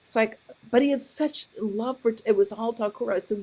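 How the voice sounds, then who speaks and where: A woman's voice: a little high, normal speed, few pauses, warm tone, breathy edge. A woman giving a spiritual talk, telling stories animatedly and acting out the quoted dialogue with frequent restarts. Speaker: spiritual teacher.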